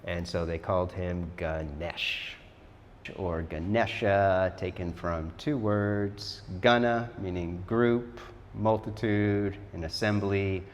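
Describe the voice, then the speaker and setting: A man telling a myth as a casual lesson in a chatty, relaxed way, often saying "like". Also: deep voice, takes it slowly, slight background noise. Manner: chatty, relaxed, says "like" a lot. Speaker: yoga teacher. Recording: long hall reverb.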